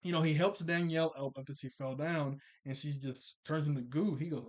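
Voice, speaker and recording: Here a fairly high-voiced man recaps a cartoon episode in a steady tone. He's casual and rambling, peppering his talk with fillers and correcting himself quickly.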